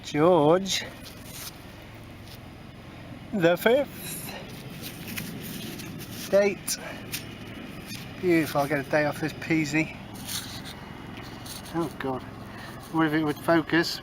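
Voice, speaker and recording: A man's voice: on the high side, very slow, long pauses. Chatty man detecting outdoors, wind noise. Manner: chatty, cheeky asides, says moving on a lot. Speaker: metal detecting vlogger. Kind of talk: casual running commentary while detecting. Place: outdoors in a field.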